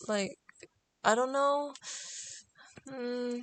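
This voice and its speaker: Woman streamer in her bedroom, kinda high voice, slow and musing, keeps second-guessing her drawing. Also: steady tone, gravelly, dry recording. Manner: musing, self-critical, trailing off. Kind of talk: casual chat while drawing on stream.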